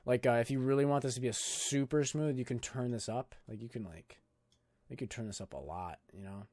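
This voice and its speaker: A man's voice: mid-range voice, brisk, darkish tone, no echo, clean studio sound. A young man hosting a casual screen-recorded video editing tutorial, talking in a loose, jokey, filler-heavy way. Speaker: YouTube tutorial host.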